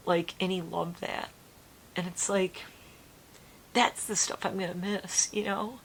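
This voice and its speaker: A woman's voice: on the low side, normal speed, vocal fry. A middle-aged woman vlogging in a casual, emotional, rambling way, sometimes dropping to a near whisper. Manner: rambling, emotional, soft-spoken with laughs. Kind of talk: casual chat to camera.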